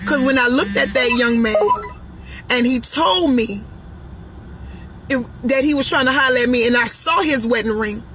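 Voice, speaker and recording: A woman's voice: high voice, normal speed, long pauses, a bit bright, a little hiss or hum, rough recording. A woman speaking her mind in a casual monologue, blunt and sassy, hammering her points by repeating them. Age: adult, parent of children. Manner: emphatic, preachy, repeating lines for effect. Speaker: vlogger giving relationship opinions.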